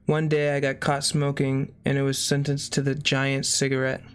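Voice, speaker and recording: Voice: medium pitch, monotone, normal speed, clean tone, soft background music. A reader reading a memoir aloud in a plain way, breaking off now and then for short spoken asides.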